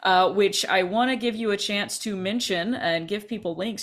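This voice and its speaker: A woman's voice: mid-range voice, normal speed. Easygoing woman hosting an interview. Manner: easygoing, thinks aloud with fillers and small laughs. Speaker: host. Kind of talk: video-call interview.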